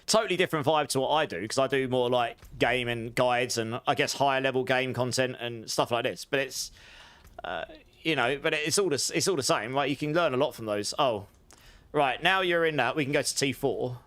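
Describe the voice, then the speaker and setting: An English man talks casually on a live game stream. He rambles, reads the chat and answers his viewers as he plays. His voice sits at an ordinary pitch for a man. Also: brisk, a bit bright. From England.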